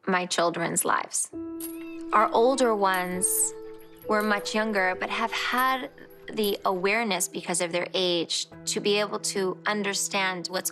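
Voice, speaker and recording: A woman's voice: mid-range voice, sharp tone. A woman in her forties speaking earnestly and reflectively in a confessional interview for a reality show. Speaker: reality show cast member.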